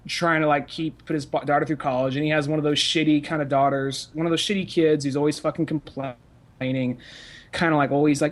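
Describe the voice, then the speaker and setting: A young man in casual podcast chat, rambling and profane, full of fillers and restarts. His voice sits a little high for a man. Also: fast talker. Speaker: podcast co-host.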